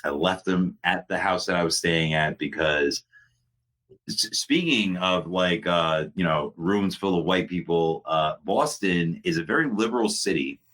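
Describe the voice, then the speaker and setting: A man's voice: low-pitched, unhurried. A man co-hosting a podcast, rambling through casual chat with restarts and frequent laughs. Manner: rambling, animated, laughs often. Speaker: podcast co-host.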